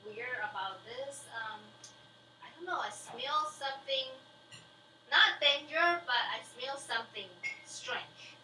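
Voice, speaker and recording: A woman's voice: fairly high pitch, bright, forceful tone. Woman player in a roomy far recording. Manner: halting, searching for words. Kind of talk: casual role-play chat. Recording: roomy, distant mic with faint hiss.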